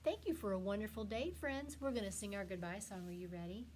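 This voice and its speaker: Woman teacher, storytime voice, mid pitch, encouraging. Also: fairly quick, slight background noise. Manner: warm, expressive and encouraging. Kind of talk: reading a picture book to young children.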